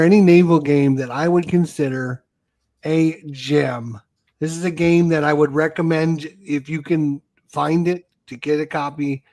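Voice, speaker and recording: A man's voice: a little high, steady tone, measured pace, darkish tone. A man hosting a live stream on a video call, talking up a favorite game and repeating himself for emphasis. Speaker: host. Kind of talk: casual live-stream chat.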